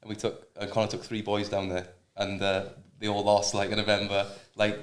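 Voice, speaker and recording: A man's voice: fairly low pitch, monotone, fairly quick. A man coaching boxers, chatting casually, swearing, laughing and saying mate often. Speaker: boxing coach. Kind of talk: casual chat. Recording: echoey room.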